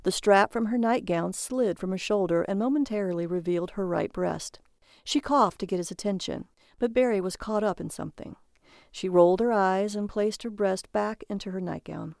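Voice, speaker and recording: A woman's voice: mid-range voice, moderate pace, gravelly, darkish tone, no echo. A woman reading a comic short story aloud as narrator, in a dry, matter-of-fact manner.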